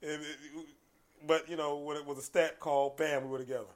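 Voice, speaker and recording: A man telling stories in casual conversation as a podcast guest, animated, dropping into hushed asides and then loud bursts. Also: fairly high pitch, fairly quick.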